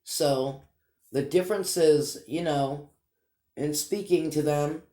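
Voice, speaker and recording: A man's voice: fairly high pitch, takes it slowly, mellow. A man with a Boston accent, chatting casually and rambling upbeat to his vlog viewers. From Massachusetts. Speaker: vlog host. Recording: echoey room.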